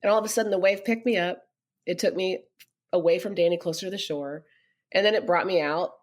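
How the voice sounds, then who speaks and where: A middle-aged woman, a podcast guest, telling a personal story earnestly and growing animated when she quotes others. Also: on the low side, quick pace.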